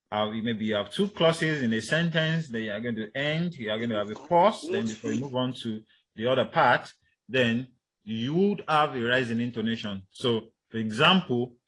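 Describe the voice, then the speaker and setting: A man's voice: medium pitch, fairly bright tone, poor audio. A male linguistics lecturer giving a university class, explaining with spoken example sentences and frequent hesitations.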